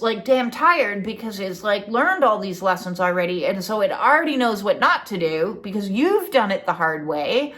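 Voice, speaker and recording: A woman's voice: fairly high pitch, fairly bright tone. A woman giving a casual spiritual teaching talk. She is blunt and chatty, swears now and then, and keeps checking in with "okay?". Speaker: spiritual coach.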